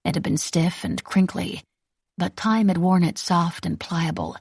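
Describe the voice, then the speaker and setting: A woman narrating a novel in the first person with a wry, measured delivery. Her voice is lowish and gravelly with a husky grain, recorded dry and close. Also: fairly even intonation, a little mellow, no room sound. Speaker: audiobook narrator.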